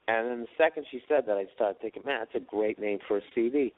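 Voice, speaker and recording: A man's voice: medium pitch, fast, few pauses, dry recording. Guy rambling on his podcast, swearing a lot, doing voices for people in his stories, sounds kinda tinny and dry. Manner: profane storytelling, acts out quotes. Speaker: podcast host. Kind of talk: casual rambling monologue.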